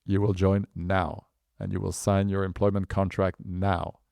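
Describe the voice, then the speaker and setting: A man with a French accent voicing a brisk, offhand American businessman in a story. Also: low-pitched, completely flat delivery, vocal fry, a little mellow, smooth, no echo.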